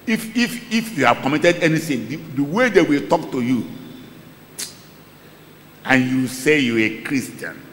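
A male pastor preaching a sermon, calling out Bible verses for a reader to read and repeating them, with loud exclamations and quiet asides. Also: animated, unhurried, long pauses. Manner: dramatic, swings from loud exclamations to low asides. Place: church hall. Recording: echoey church hall.

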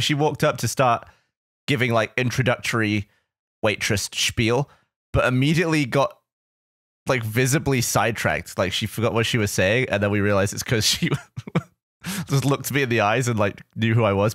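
A man's voice: mid-range voice, normal speed, fairly bright tone, no echo, clean studio sound. A man co-hosting a podcast in casual chat, self-deprecating, laughing often and filling his speech with "like". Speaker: podcast co-host.

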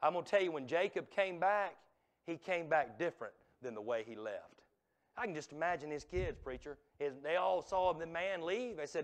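A high-pitched man, preaching a revival sermon in a church sanctuary. He drops to a near hush, then climbs to a ringing shout, stretching key words and calling out to the congregation. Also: lively intonation, normal speed. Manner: impassioned, swinging from hushed to shouting.

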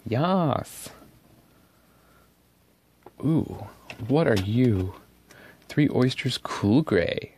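A man hosting an ink swatching video, talking casually and excitably at his desk, swearing freely and switching between loud outbursts and muttered asides. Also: medium pitch, slight background noise. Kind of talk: casual narration while swatching inks. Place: at a desk indoors.

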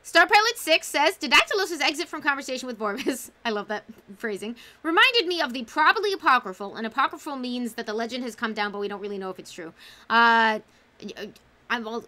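A woman's voice: on the high side, bright, forceful tone. A woman hosting a casual livestream book club, talking enthusiastically and reading out chat comments.

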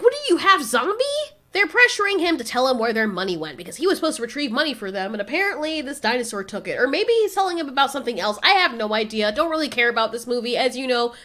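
A woman's voice: on the high side, a bit bright. Sarcastic woman recapping a movie. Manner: sarcastic, nitpicking. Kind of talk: casual movie recap commentary.

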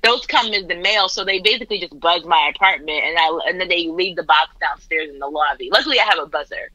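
A woman's voice: lowish voice, fast talker, lo-fi sound, a crowd in the background. A woman guest in casual chat, talking with lots of fillers and frequent laughter from her apartment. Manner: chatty, laughs often, many fillers.

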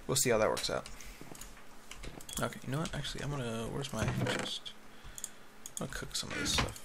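A man's voice: mid-range voice, big pitch swings, brisk. A man casually narrating his Minecraft play on his home computer, rambling and yawning as he mutters to himself through a headset mic. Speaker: gaming YouTuber. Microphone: headphones with a mic. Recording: noisy home recording with keyboard clicks. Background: keyboard typing and clicks.

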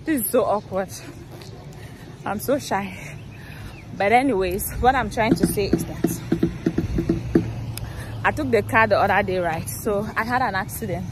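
A woman's voice: mid-range voice, unhurried, long pauses. A young woman from Cameroon talking casually into her phone while walking along a busy city street, shy and laughing often. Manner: chatty, self-conscious, laughs often. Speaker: vlogger. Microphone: phone held while walking. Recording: phone recording with loud street traffic. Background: cars and motorbikes passing.

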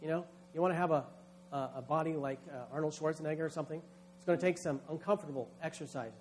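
High-voiced man preaching a sermon. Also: fast, darkish tone, slight background noise. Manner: emphatic preaching, acts out voices in quotes. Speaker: pastor.

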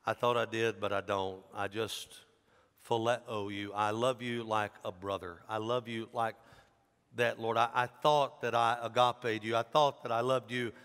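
The apostle Peter, a grown man pleading and insisting in an emphatic voice, as a preacher acts him out in his sermon. The voice is bright and sharp. A long church-hall reverb trails behind every word. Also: sits high, measured pace, long pauses, smooth, voice pushed up. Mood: remorseful.

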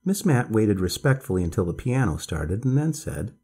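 A man calmly reading a bedtime story aloud as narrator, in a measured storytelling voice. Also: on the low side, husky.

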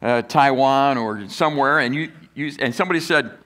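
A man with a medium-pitched, sharp-toned voice preaches briskly as pastor. His sermon is conversational, with questions put to the congregation and critics' voices acted out in quotes.

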